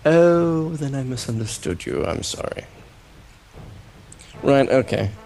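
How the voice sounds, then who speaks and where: A man playing a tabletop game, talking hesitantly with many pauses. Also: mid-range voice, very animated, creaky, darkish tone. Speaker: player. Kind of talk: casual tabletop game play.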